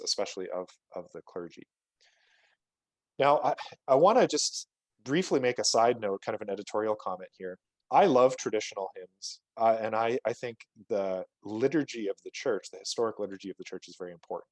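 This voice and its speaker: A man's voice: lowish voice, a little mellow, no room sound, low-quality recording. A man giving a virtual talk on his research findings, explaining with frequent fillers and restarts. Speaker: guest lecturer.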